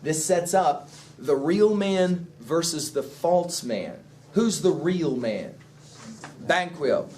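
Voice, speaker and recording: A man's voice: on the high side, takes it slowly, slight background noise. Questioning male teacher lecturing class. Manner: asks the class questions, lively explaining. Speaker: English teacher.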